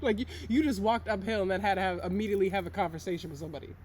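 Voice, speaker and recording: A woman's voice: medium pitch, rapid-fire, darkish tone. A young woman co-hosting a casual podcast, teasing and laughing often. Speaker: podcast co-host. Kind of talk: casual chat.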